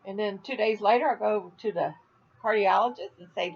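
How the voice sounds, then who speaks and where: An older woman rambles cheerfully to her camera at home, her voice gravelly and husky. The sound is dull and lo-fi, like a simple home video. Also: medium pitch, fairly quick. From Florida. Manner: rambling and chatty, laughs often at her own jokes. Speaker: vlogger. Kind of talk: casual chatty vlog. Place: at home, indoors.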